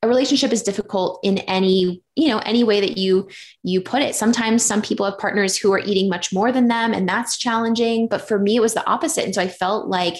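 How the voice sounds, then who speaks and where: A woman's voice: mid-range voice, quick pace. A woman in her thirties, a podcast guest, telling candid personal stories in casual chat, with many fillers.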